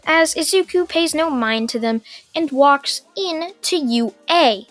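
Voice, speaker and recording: A young woman narrating a fan-made story casually, in long run-on sentences with filler pauses. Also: high voice, animated, fairly bright tone, soft background music.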